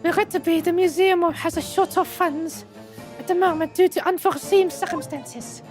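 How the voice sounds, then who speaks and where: A woman's voice: very high-pitched, steady tone, moderate pace, a little mellow, soft background music, pitched above the performer's own voice. A woman voicing a genteel, formal woman museum curator who speaks politely and a little apologetically.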